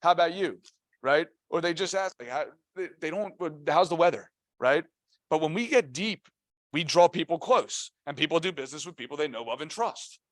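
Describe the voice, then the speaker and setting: A man giving a motivational training talk at a team meeting, energetic and punchy, often quizzing his listeners. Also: a little high, normal speed, no echo. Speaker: real estate team trainer.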